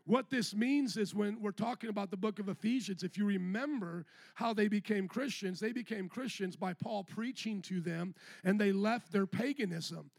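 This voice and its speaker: A male pastor preaching a lively sermon with call-and-response to the congregation, his voice starting to go hoarse. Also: high-pitched, moderate pace, few pauses, dry recording. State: voice going hoarse.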